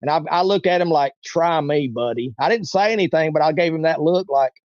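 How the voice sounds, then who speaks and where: A man in his forties tells a long story in a loose, rambling way, with a voice a little higher than most men's. The sound is muffled and a bit lo-fi, and it is very dry with no room around it. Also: fast talker, darkish tone, no echo. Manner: rambling, acts out quoted voices. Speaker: interview guest. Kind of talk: casual storytelling.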